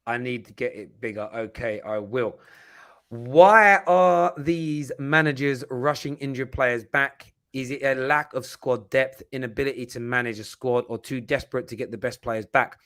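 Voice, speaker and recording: A man hosts a casual football livestream, and his tone is bright and forward. He talks in lively bursts and often restarts or repeats words as he works through a thought. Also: mid-range voice, moderate pace. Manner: animated, stammering restarts. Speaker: host.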